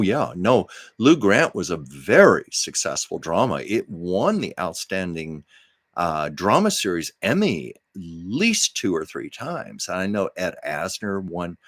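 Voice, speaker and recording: A man's voice: low-pitched, no echo. A man hosting a livestream from home, telling rambling, chatty stories and often correcting himself. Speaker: livestream host. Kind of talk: casual storytelling chat.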